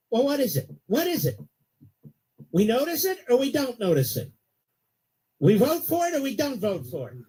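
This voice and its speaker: Man, talk radio host, sarcastic, indignant, mellow tone. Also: very high voice, very animated, normal speed, long pauses, breathy edge. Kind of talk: opinionated talk radio monologue.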